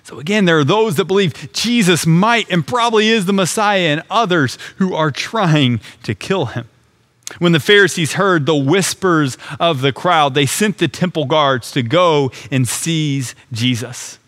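A man with a slightly high-pitched voice preaches earnestly. He explains a scripture passage step by step and retells it in plain, conversational words. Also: animated, a little slow, fairly bright tone. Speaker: pastor. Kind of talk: sermon.

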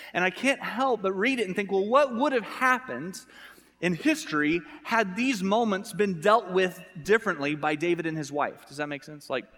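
A man's voice: fairly high pitch, a bit bright, in a large hall. An American man preaching a sermon, chatty and humorous, asking the congregation questions. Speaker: pastor.

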